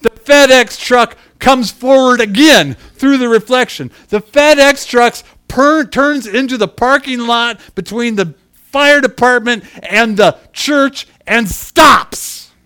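A man, a middle-aged pastor, telling a personal story in his sermon, dropping to hushed asides and then building to loud, emphatic bursts, chuckling at himself along the way. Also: very high voice, takes it slowly, smooth. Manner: self-deprecating, chuckles through his story.

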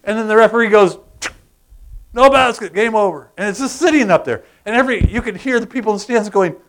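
A man preaching a sermon, animated, asking the congregation questions and acting out sounds. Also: sits high, racing. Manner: animated, acts out groans and crowd sounds, asks the congregation questions. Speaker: pastor.

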